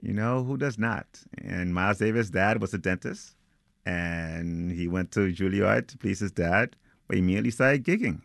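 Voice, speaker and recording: Deep-voiced man reading and discussing his novel. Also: fairly bright tone, dry recording, studio quality. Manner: thoughtful, with ums and restarts when speaking freely. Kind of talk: reading his novel aloud, then interview.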